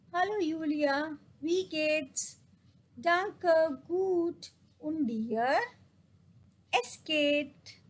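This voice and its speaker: A woman teaching a casual German lesson in English, reading German phrases slowly and explaining each one. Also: sits high, poor audio.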